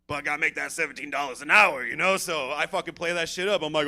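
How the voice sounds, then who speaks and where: A man doing a profane, energetic stand-up set on a comedy theater stage and hyping the crowd as emcee. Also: on the high side, fast. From Stockton, California.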